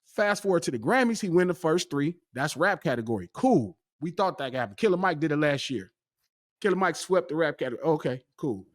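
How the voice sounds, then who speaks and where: A man's voice: on the high side, a little fast. A man, telling a story as a guest in a casual chat and acting out the dialogue. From West Coast US. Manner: animated, excitable storytelling, acting out quoted dialogue. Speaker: podcast guest.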